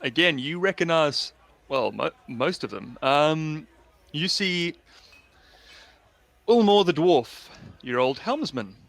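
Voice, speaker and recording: A man's voice: on the high side, lively intonation, slow, creaky, pauses often, fairly bright tone. A man running a tabletop game as game master, narrating in a loose, chatty way over a call. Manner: loose, chatty, with many fillers and repeats.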